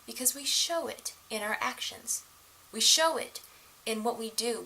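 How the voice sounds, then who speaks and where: A middle-aged woman giving casual relationship advice to the camera, animated and laughing often as she acts out the voices of others. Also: fairly high pitch, measured pace, slight background noise, low-quality recording.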